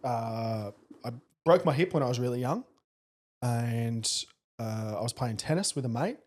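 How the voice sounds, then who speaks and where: A man's voice: mid-range voice, expressive, unhurried, a little mellow. A man in his thirties with an Australian accent, co-hosting a podcast and telling stories with lots of laughter and swearing. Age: 30s. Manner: laughing storyteller, swears freely. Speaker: podcast co-host. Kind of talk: casual banter.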